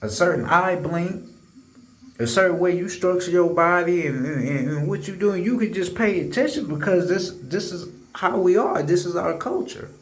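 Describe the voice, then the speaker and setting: A man holds forth in a casual monologue, his pitch sitting a little high and swinging a lot as he presses his points. He keeps checking in with "right?" and swears freely. The room around him is echoey. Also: animated, normal speed. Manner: emphatic, keeps asking "right?"; loose and profane, with many repeated filler words.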